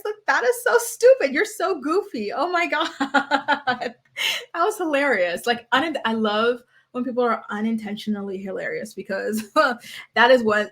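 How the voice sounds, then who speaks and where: A woman hosting a reality TV recap, talking in an animated, sassy way and mocking the cast. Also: on the high side. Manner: animated, sassy, quotes people in mocking voices. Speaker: host.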